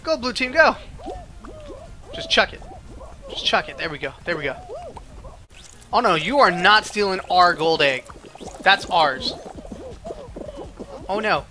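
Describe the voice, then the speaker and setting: A man giving excited, animated commentary over his own gameplay, yelping and laughing at his mishaps. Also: high-pitched, a little slow, pauses often, faint music behind. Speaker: gaming video host.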